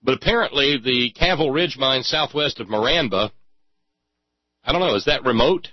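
A man's voice: mid-range voice, lively intonation, normal speed, no echo, lo-fi sound. A man ranting in sarcastic, angry commentary and swearing freely. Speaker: political commentator.

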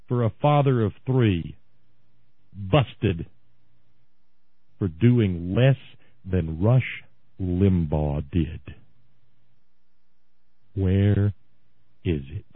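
A man hosting a radio talk show, delivering an impassioned political monologue with sarcastic, shouting bursts. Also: deep voice, drawn-out words, pauses often, no echo. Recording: tinny phone-like radio sound, dry.

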